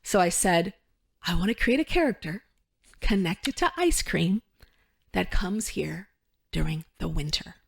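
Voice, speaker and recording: A woman in her fifties from the United States, a guest in a casual interview. She tells stories in an animated way, laughs often and throws in exclamations. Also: lowish voice, unhurried, vocal fry, long pauses, breathy edge. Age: 50s.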